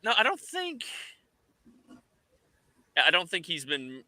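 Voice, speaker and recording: A man with a fairly high, very bright voice answers questions in a loose, casual chat, laughing often as he talks. The recording is dry and close. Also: wildly swooping pitch, slow pace, dry recording. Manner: laughs often mid-sentence.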